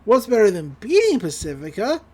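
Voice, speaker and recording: A woman's voice: mid-range voice, wildly swooping pitch, a little fast, warm tone, a little hiss or hum. A woman putting on the voice of a tiny, scheming male mini-golf creature who taunts gleefully.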